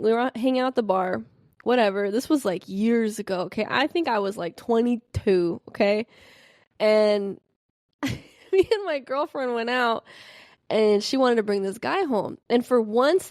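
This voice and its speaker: A young adult woman hosting a casual podcast, telling gossip and stories animatedly and acting out quotes with big jumps in pitch. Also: darkish tone, no echo, clean studio sound. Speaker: podcast host. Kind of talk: casual chat about reality TV and celebrity gossip.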